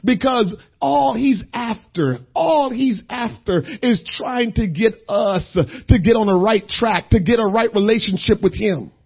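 Husky high-voiced preacher man. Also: a little slow, few pauses, highs cut off. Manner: storytelling, swings from quiet to shouting. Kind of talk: sermon.

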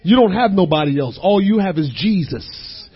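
High husky guy preaching, goes quiet then loud, muffled lo-fi recording. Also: animated, moderate pace. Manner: swings between hushed and shouting, repeats phrases. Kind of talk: sermon.

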